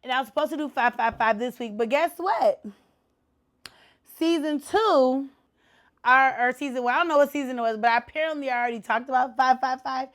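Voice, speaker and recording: Animated high-voiced woman podcast host. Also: brisk. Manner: animated, loud exclamations, colloquial slang. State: tipsy. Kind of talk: casual chat.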